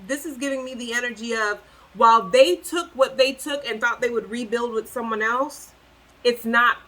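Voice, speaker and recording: Bright, emphatic woman tarot reader. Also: fairly high pitch, poor audio. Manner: emphatic, preachy, repeats phrases for effect; sassy, incredulous outbursts. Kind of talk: tarot reading to the viewer.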